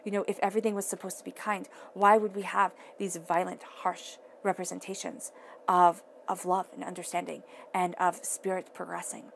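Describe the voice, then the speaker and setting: A woman's voice: lowish voice, level tone, normal speed, vocal fry, a little hiss or hum. A woman giving a casual tarot reading to the listener, earnest and emphatic, often restating her phrases. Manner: emphatic, talks straight to the listener. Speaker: tarot reader.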